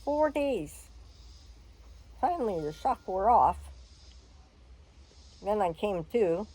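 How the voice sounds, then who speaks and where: An older woman telling a personal story in a frank, animated way, laughing and swearing freely. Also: mid-range voice, slow, husky, rough recording.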